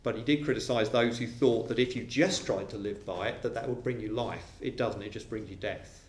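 A man preaching a sermon to a congregation, animated and acting out quoted voices. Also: on the low side, fairly quick, a little hiss or hum. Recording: roomy echo of a hall.

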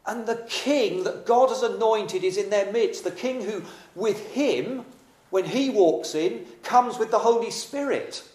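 A man's voice: sits high, measured pace, a little mellow. A man preaching a sermon in a dramatic, emphatic yet conversational way. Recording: echoey room.

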